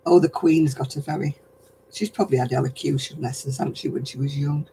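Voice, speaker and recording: An older woman from northern England with a softened regional accent, hosting a casual craft live stream, chatting with viewers and chuckling often. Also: deep voice, a little fast, noisy background. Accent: softened northern English. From Oldham, England. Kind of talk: casual chat answering viewer comments.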